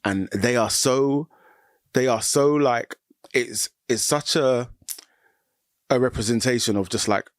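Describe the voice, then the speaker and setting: A man's voice: mid-range voice, unhurried, long pauses, no room sound, studio quality. A father chatting animatedly as a podcast co-host, often putting on his kids' voices. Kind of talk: casual chat.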